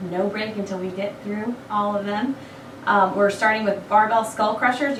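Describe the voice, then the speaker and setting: Woman fitness coach, chatty rep-counter, a touch froggy, recorded from a distance in a noisy, echoey room. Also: mid-range voice. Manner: encouraging, chatty asides between counted reps. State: frog in her throat. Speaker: fitness instructor. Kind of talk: workout instruction with rep counting. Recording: echoey room, mic far off.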